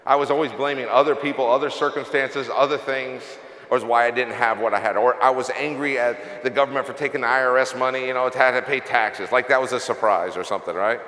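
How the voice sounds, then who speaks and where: A man's voice: medium pitch, fairly even intonation, fast talker, few pauses, a bit bright. A middle-aged man, a company CEO, giving an emotional, confessional motivational speech from a stage. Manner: confessional, earnest, emotional storytelling. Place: large event hall. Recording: echoey hall with long reverb.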